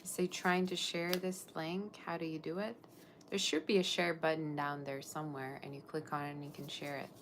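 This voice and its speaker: A woman's voice: low-pitched, flat delivery, moderate pace, a little hiss or hum. A woman reading tarot on a live stream, gushing over her viewers and chatting loosely between cards. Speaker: tarot reader.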